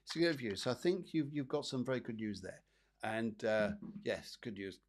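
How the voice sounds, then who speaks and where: A man's voice: medium pitch, expressive, moderate pace, a little hiss or hum. Chatty man giving psychic readings. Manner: chatty, rambling, repeats phrases, frequent fillers. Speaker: psychic medium host. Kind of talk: live card readings for viewers.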